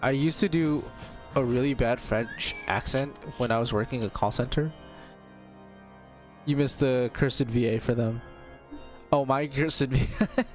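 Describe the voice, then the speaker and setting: A man streaming a game, chatting casually, joking and swearing freely. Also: medium pitch. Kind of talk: casual gaming stream chat.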